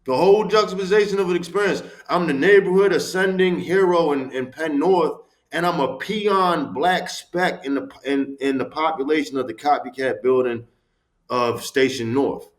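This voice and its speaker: Animated man in his forties. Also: fairly high pitch, moderate pace, echoey room. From Baltimore, USA. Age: 40s. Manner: animated, street-talking, profane, emphatic. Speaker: podcast guest. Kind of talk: candid storytelling interview.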